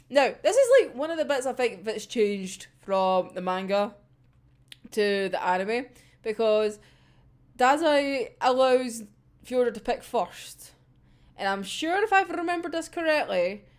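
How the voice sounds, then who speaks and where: A young woman giggling and swearing freely as she recaps an anime episode, acting out the characters' lines. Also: fairly high pitch. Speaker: anime reviewer. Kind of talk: casual episode discussion.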